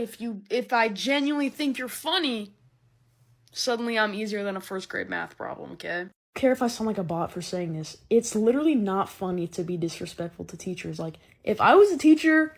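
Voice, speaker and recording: A teenage girl delivering a sarcastic comedic monologue, with dramatic loud bursts of indignation. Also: a little high. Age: teens. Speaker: comedy vlogger.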